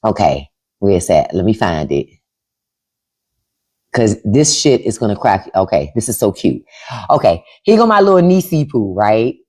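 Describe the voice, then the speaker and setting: Animated middle-aged woman hosting a livestream. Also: very deep voice, normal speed, pauses often, breathy edge. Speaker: livestream host. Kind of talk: casual livestream chat. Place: at home. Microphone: microphone.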